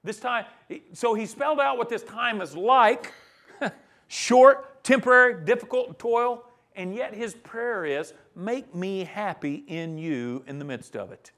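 A man preaches a sermon on a psalm in a voice that sits high, keeping a measured pace. He's earnest, building to emphatic peaks and chuckling softly between points.

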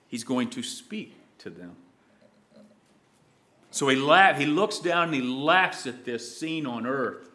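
A man preaching a sermon, dramatic, moving from loud emphasis to hushed, low lines.

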